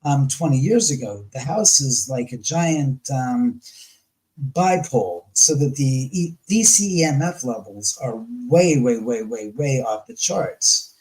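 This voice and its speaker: A man as an interview guest, telling stories in a rambling, animated way and often correcting himself mid-sentence. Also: medium pitch, measured pace, rough recording. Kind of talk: casual storytelling interview.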